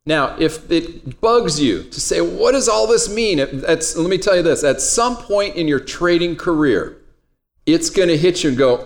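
A trading instructor teaches a class in a classroom lecture, talking directly to his students in a casual, joking way. His voice is fairly high and expressive, at a moderate pace.

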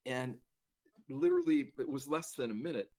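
A man's voice: medium pitch, huge pitch swings, normal speed, darkish tone. A man telling a personal story in a casual, self-deprecating way, laughing now and then as he talks. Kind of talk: conversational storytelling.

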